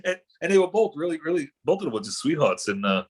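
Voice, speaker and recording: A man's voice: fairly high pitch, big pitch swings, fast talker, husky. A middle-aged man, an actor guest, telling rambling anecdotes in casual chat with many fillers and restarts.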